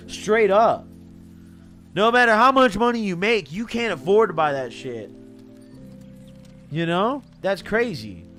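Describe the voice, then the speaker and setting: A man's voice: high-pitched, measured pace, long pauses, faint music behind. A young man, intoxicated, telling a story on a stream in a casual, slangy way and laughing as he goes. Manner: animated, slangy, laughs through his story.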